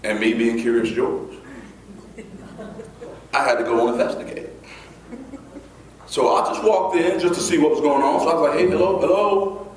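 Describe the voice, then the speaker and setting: A man telling a story from his childhood as a motivational speaker, acting out scenes with voices and high squeals. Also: normal speed, pauses often, a little hiss or hum. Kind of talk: storytelling keynote speech. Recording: echoey hall recorded from far off.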